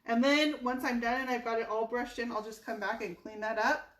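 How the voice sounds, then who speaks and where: A chatty woman walks viewers through painting furniture in a relaxed, playful way, repeating each key tip. Her voice sits a little high and rings around an echoey room. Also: a little fast. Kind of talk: casual painting tutorial. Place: home workspace.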